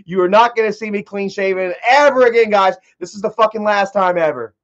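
A man's voice: high-pitched, brisk, a bit bright. A young man giving casual, rambling commentary that is profane and full of laughs. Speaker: commentary vlogger. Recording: dull lo-fi audio.

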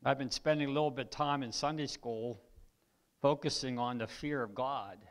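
A man preaching a sermon as pastor, his voice tired and weakening, who clears his throat, reads scripture aloud and repeats lines for emphasis. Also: medium pitch, normal speed. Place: church.

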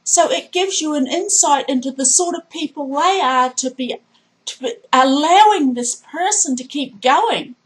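A woman's voice: high-pitched, animated, unhurried, poor audio. A woman vlogging a heated political rant, indignant and emphatic, hammering her points by repeating them. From Australia.

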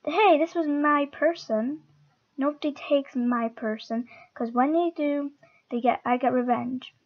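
Girl gaming, kinda high voice, playful and chatty, muffled lo-fi mic. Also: measured pace. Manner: playful, chatty, talks to the game and viewers. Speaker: gamer. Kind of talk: casual gameplay commentary.

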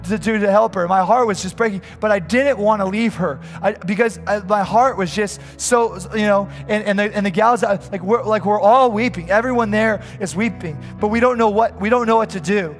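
A man's voice: sits high, a little fast, few pauses, soft background music. A man preaching a fervent sermon as a pastor, stumbling over restarts as he tells a story.

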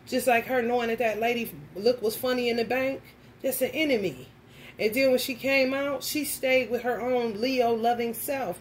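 A woman tarot reader telling a story in a casual vlog, animated and profane, often laughing. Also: fairly high pitch, a little hiss or hum.

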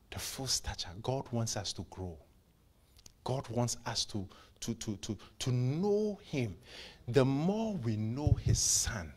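Impassioned husky male preacher. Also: lowish voice. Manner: impassioned, stammering repeats, swings from hushed whispers to loud bursts. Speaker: pastor. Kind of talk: sermon. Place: church service.

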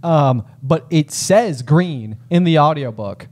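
Brief: thoughtful rambling male co-host, warm mellow voice, slightly raised pitch. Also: expressive, takes it slowly. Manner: thoughtful, rambling with many fillers. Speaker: podcast co-host. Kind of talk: casual book podcast chat.

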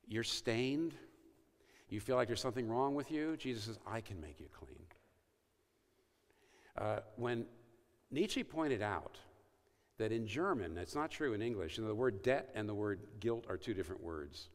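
A man's voice: fairly low pitch, expressive, normal speed, long pauses. A man giving an evangelistic talk to a university audience, telling stories and acting out quoted lines. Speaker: speaker at a university event. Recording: reverberant hall.

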